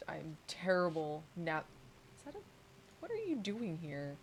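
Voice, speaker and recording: A woman's voice: sits low, very animated, normal speed, a little hiss or hum. Chatty, giggly woman streamer. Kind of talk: casual chat while gaming.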